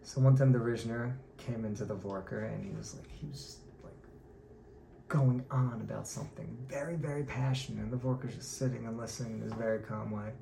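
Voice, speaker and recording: A man teaching a Torah class, telling stories with lively acted-out quotes. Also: mid-range voice, fairly quick, gravelly. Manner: animated storyteller acting out quoted voices. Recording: echoey room, faint background noise.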